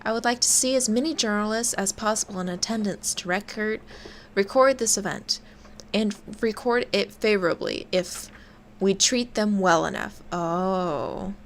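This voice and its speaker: A woman's voice: mid-range voice, normal speed. A young woman gives casual game commentary, reading on-screen text aloud in a chatty way. She swears offhandedly and stumbles over long words, and a faint hiss sits behind her voice. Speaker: game streamer.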